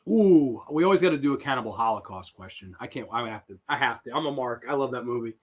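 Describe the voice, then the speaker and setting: A man hosting a live horror trivia stream, reading questions and reacting to chat answers with excitable, swearing banter. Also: medium pitch, fast. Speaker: host.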